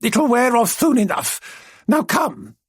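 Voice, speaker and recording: A man's voice: very high-pitched, sing-song, slow pace, husky, dry recording, studio quality, pitched above the performer's own voice, full character voice. A man doing a lisping, toothless old mother. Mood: coy, unapologetic.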